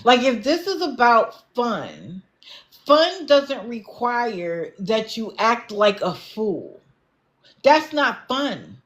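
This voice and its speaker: A woman's voice: fairly high pitch, big pitch swings, extremely slow, fairly bright tone. A woman doing casual livestream commentary, blunt and lecturing, with an exasperated edge. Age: adult, not young.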